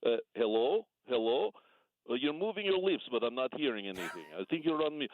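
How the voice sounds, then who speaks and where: A man putting on a Russian accent to play a gruff male Russian leader, confused on a glitchy video call, heard over a phone line. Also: medium pitch, lively intonation, fairly quick, slight background noise, voice pushed down, close to an everyday voice. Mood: puzzled. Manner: confused, keeps repeating "hello".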